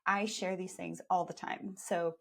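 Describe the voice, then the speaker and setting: A woman's voice: on the low side, little pitch movement, unhurried, creaky. A woman with a Canadian accent hosting a live podcast, talking in a chatty, upbeat, promotional way. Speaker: podcast host and skincare educator.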